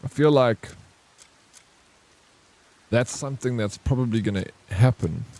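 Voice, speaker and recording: A young man, chatting casually and excitably with his stream viewers, rambling between topics. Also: mid-range voice, unhurried. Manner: rambling, excitable, says bro a lot. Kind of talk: casual chat with live chat.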